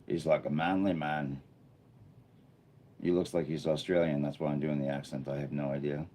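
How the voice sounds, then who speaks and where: A man hosting a casual live stream from an indoor room lit by a bright studio light, chatting and thinking aloud as he reads viewer comments. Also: very deep voice, steady tone, normal speed, long pauses. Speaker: livestreamer.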